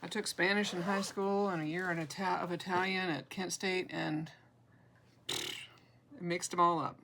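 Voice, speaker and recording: A woman's voice: lowish voice, fairly even intonation, a little slow, vocal fry, a bit bright, slight background noise, poor audio. A woman, chatting casually and self-deprecatingly as she shows her cross-stitch projects, laughing often. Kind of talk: casual show-and-tell chat.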